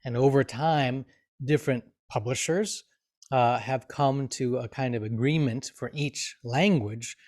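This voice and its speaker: A man's voice: mid-range voice, unhurried. Man teaching grammar in a live session. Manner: explanatory, with many restarts and uh fillers; reads example sentences with expressive inflection. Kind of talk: live online Q&A lesson.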